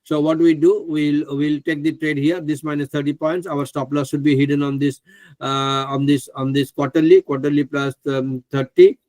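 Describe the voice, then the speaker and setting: A man's voice: on the high side, little pitch movement, normal speed, a little mellow, dry recording. Chatty man teaching a live trading class. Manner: chatty, exclaims and laughs often; stumbles over names, asks others to pronounce them. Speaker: trading course presenter.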